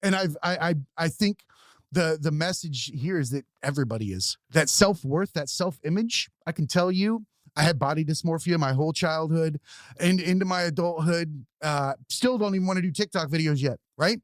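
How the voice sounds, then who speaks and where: A man's voice: on the high side, normal speed, dry recording. Candid male podcast host, dry close sound. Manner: candid, swears casually, repeats words while thinking. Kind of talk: casual conversation.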